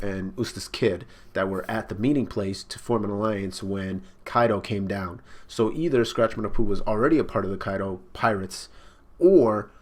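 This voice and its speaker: A man reacting live to a comic chapter, excited and swearing freely as he thinks out loud. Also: lowish voice. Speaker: manga reaction streamer.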